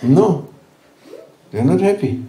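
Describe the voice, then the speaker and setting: A man giving a sermon at a religious gathering, speaking gently and teasingly in broken English to reassure his listeners. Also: fairly high pitch, sing-song, slow. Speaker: sheikh giving a religious talk. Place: large hall at a gathering. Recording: roomy hall, voice from far off.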